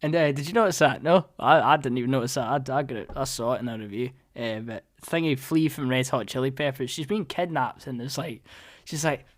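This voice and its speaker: A Scottish man hosting his own podcast, casually reviewing a show in an animated, mocking way that swings from muttering to loud outbursts. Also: mid-range voice, brisk, dry recording, studio quality. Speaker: podcast host.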